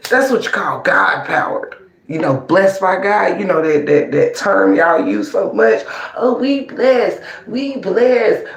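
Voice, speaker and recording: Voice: mid-range voice, big pitch swings, a little slow, gravelly, a bit bright. An online commentator in a mocking, profane, taunting rant, gloating at opponents. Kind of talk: ranting livestream commentary. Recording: roomy echo.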